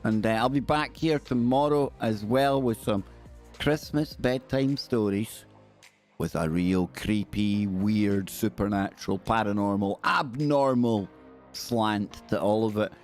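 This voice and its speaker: A man's voice: lowish voice, a little slow, faint music behind. A Scottish man hosting a live stream in casual, jokey, rambling chat. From Scotland.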